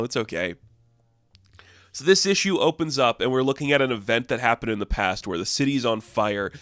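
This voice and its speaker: A man's voice: mid-range voice, fairly bright tone, clear, resonant tone, no echo, studio quality. Man casually rambling through a comic review. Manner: rambling, heavy use of "like" and "I guess".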